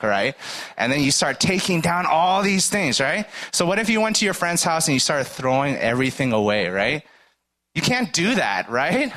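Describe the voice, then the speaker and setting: A man's voice: medium pitch, a bit bright. A man giving a sermon in a casual, conversational way, often asking "right?" and acting out little dialogues. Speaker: preacher. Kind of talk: sermon with everyday stories.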